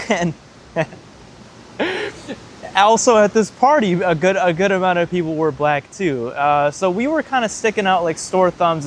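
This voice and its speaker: Young guy, storytime vlogger, slightly high voice, profane rambling delivery, faint background noise. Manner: profane, rambling, heavy use of "like". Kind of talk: casual storytelling.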